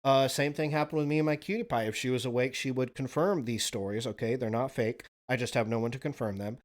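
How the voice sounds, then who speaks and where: A man's voice: mid-range voice, steady tone, fast talker. A man in his thirties hosting a podcast, telling rambling, profane stories in a casual monologue. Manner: rambling, profane, laid-back. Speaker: podcast host.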